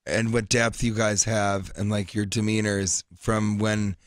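A male comedian guesting on a radio show, telling stories in a rambling, animated way. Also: fairly low pitch, measured pace, no echo. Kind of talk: casual radio interview. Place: radio studio.

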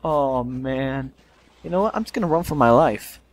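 A young man giving casual let's play commentary, swearing and yelling in frustration as he plays. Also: mid-range voice, expressive, normal speed.

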